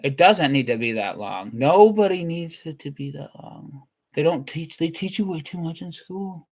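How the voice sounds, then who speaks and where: A man's voice: on the high side, animated, moderate pace. A man doing a rambling comedic monologue, cutting himself off and restarting thoughts mid-sentence.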